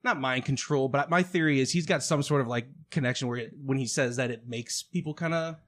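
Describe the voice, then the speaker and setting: A man's voice: medium pitch, brisk, fairly bright tone. A man co-hosting a casual podcast chat, laughing often and animatedly retelling scenes. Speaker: podcast co-host.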